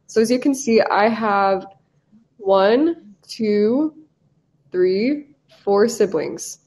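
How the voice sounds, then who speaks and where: An upbeat young woman in her twenties teaches a live online class over a video call. She talks casually, with friendly fillers and quick encouragement, in a voice of middle pitch. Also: darkish tone. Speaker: English teacher.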